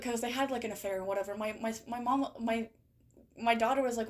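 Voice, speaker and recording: A woman's voice: on the high side, fairly even intonation, a little fast. A woman chatting casually as she reads out viewer stories. She rambles with many "like" and "right?" asides and swears freely. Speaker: streamer reading viewer stories. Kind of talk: casual chat.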